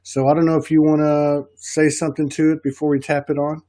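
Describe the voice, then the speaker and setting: A man's voice: fairly high pitch, little pitch movement, a little fast, warm tone, no room sound, studio quality. A man with a Southern US accent hosting a casual podcast chat, rambling with many restarts. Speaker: podcast host.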